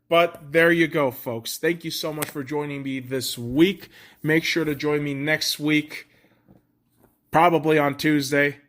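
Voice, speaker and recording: A man's voice: a little high, fairly bright tone. A man hosting his own podcast alone, talking in a profane, rambling, self-deprecating way. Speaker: podcast host. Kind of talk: casual solo podcast monologue.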